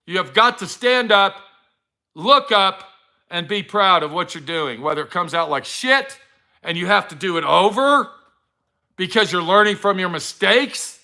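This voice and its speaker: Middle-aged guy ranting on his vlog, swears constantly, high bright voice. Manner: blunt, heavy swearing, preachy. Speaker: vlogger giving a motivational talk. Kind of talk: profane casual motivational rant.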